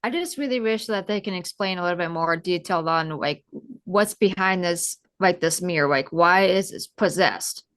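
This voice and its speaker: A woman's voice: on the low side, moderate pace, a bit bright, no room sound. A woman co-hosting a podcast, chatting loosely about a film with many fillers. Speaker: podcast co-host. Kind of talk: casual film chat.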